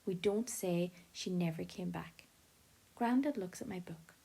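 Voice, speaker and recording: A woman narrating an audiobook in first person, with a lively, expressive telling. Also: fairly low pitch, a little slow, creaky, slightly rough.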